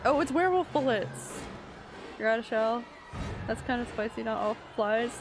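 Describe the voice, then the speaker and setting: A woman's voice: a little high, normal speed, music in the background. A woman streamer giving chatty live commentary while she plays, swearing and panicking in frantic bursts.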